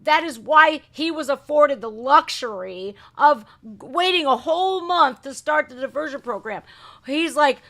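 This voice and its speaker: A woman's voice: high-pitched, lively intonation, unhurried, bright, forceful tone. A woman hosting a live reaction stream, ranting indignantly with swearing and rhetorical questions. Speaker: reaction channel host. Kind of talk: heated live commentary.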